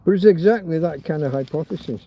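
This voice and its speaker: A man with a slightly high voice talks at a quick pace while cooking on a livestream outdoors in a field. Captured as dull lo-fi phone audio, he rambles casually, joking crudely and swearing.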